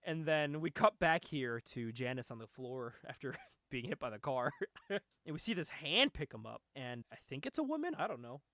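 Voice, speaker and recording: A man's voice: mid-range voice, sing-song, normal speed, pushed and bright, no echo, studio quality. A man hosting a podcast, giving a casual comic book recap with frequent laughter and filler words. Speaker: comic review podcast host.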